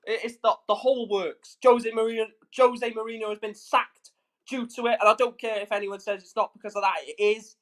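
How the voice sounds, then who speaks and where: A man's voice: high-pitched, fairly even intonation, fairly quick, a bit bright. Furious swearing man ranting. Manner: furious, swearing, emphatic repetitions. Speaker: YouTube streamer. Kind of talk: angry livestream rant.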